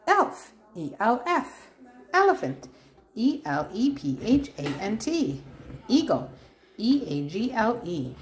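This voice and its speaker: A woman's voice: on the high side, sing-song, slow, a little hiss or hum. A woman reading a first-words workbook aloud to her child, spelling out words letter by letter in a sing-song way. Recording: roomy echo.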